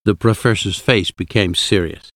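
Male audiobook narrator, deep-ish, measured, dry recording. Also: a bit bright, no echo. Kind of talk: audiobook reading of a classic novel.

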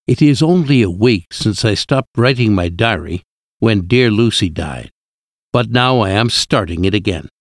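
A man reading an audiobook aloud in a calm, even storytelling way. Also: lowish voice, moderate pace, no room sound, studio quality. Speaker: narrator.

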